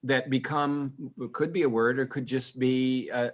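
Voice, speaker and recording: A man's voice: medium pitch, steady tone, a little slow, hardly any pauses, highs cut off. A man from England who grew up in the United States, giving a playful, musing talk to educators. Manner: playful, musing, rhetorical questions. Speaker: guest speaker.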